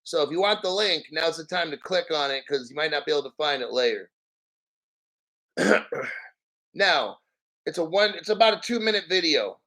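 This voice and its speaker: A man's voice: on the high side, lively intonation, normal speed, long pauses, sharp tone, rough recording. Brash, profane male crypto streamer. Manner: brash, profane, mocking, clears throat often. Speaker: crypto YouTube host. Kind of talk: live-stream rant.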